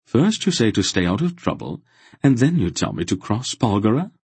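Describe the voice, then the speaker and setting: A man voicing an earnest young man who speaks quietly and stubbornly. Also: lowish voice, big pitch swings, normal speed, husky, no echo, voice pushed up, heavily acted. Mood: exasperated.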